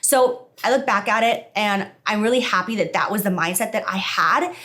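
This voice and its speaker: A woman vlogger talking in a casual confessional way, emotional and expressive, her voice leaping up in pitch. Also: normal speed. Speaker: beauty vlogger. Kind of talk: casual confessional vlog talk.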